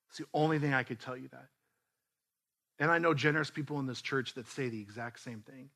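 Bright-voiced man preaching a story sermon. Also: medium pitch, normal speed. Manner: conversational, animated storytelling with restarts. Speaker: pastor. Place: church.

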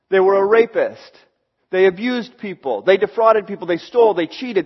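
A man's voice: high-pitched, animated, moderate pace, husky, highs cut off. A man preaching a sermon in a conversational way, acting out the voices he quotes. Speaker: pastor.

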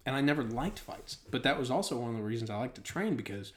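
Man telling a lively story. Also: mid-range voice, quick pace. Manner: animated anecdote-telling, laughing through the story. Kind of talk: casual storytelling chat.

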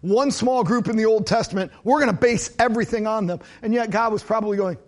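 A man's voice: high-pitched, quick pace. A man preaching a sermon to his congregation, conversational and joking with asides. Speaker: pastor.

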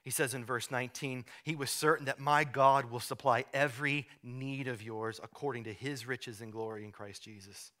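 Bright-voiced preacher building to fervor. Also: male voice, steady tone. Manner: builds from hushed, slow emphasis to loud, high-pitched fervor; repeats words in quick restarts. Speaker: pastor. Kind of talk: sermon.

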